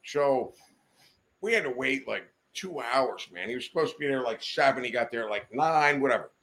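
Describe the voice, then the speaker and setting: A man's voice: medium pitch, expressive, normal speed, gravelly, a bit bright. A man telling a long, rambling anecdote as a guest in a podcast studio, swearing freely and breaking into laughter as he goes. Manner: swears often, rambling, laughs mid-story. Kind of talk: profane anecdotal storytelling.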